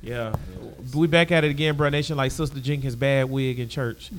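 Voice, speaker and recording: A man's voice: medium pitch, steady tone, moderate pace, a little hiss or hum. A man hosting a podcast, teasing his co-hosts in loose, profane banter. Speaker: podcast host. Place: bar with co-hosts.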